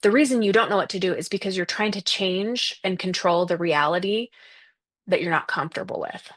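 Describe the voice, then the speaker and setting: A woman's voice: lowish voice, brisk, fairly bright tone. A woman guest on a podcast who speaks earnestly and expressively, acting out the things people say to her. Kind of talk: casual interview conversation.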